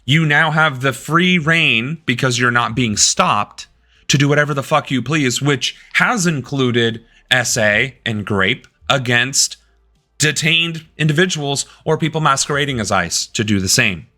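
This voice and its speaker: A man's voice: medium pitch, unhurried, pushed and bright, faint music behind. A man doing live-stream reaction commentary on politics, ranting angrily and with heavy profanity.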